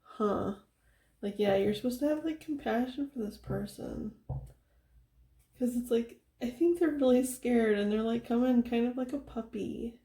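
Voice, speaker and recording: A young woman giving a casual tarot reading, soft-spoken and chatty, laughing often and filling her talk with "like". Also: on the high side, measured pace, reverberant. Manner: giggly, chatty, soft-spoken, with frequent fillers. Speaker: tarot reader.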